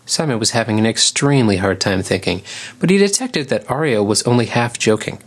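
A man narrating an animal story in a calm, measured audiobook style. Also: mid-range voice, husky.

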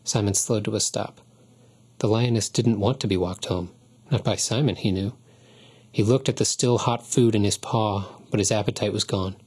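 A man reading a storybook in a calm, even narration. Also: lowish voice, normal speed, husky. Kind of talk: audiobook narration.

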